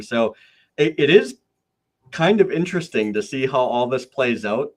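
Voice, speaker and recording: A man's voice: mid-range voice, expressive, a little slow. A man hosting a podcast, talking casually and rambling with many fillers and restarts. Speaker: podcast host.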